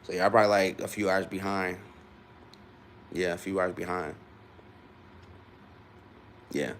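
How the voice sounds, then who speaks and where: A man's voice: low voice, steady tone, a little slow, fairly bright tone, a little hiss or hum. A young man in his twenties from Ohio, rambling casually to his live-stream viewers with loose restarts. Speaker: livestreamer.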